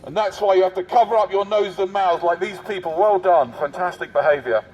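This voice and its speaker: Man doing a satirical street bit; high voice, muffled outdoor camera audio. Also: fairly quick, a little mellow, slight background noise. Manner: mock-officious, teasing, addresses passers-by. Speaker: street prankster posing as covid marshal. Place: busy city street outdoors. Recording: dull lo-fi street recording.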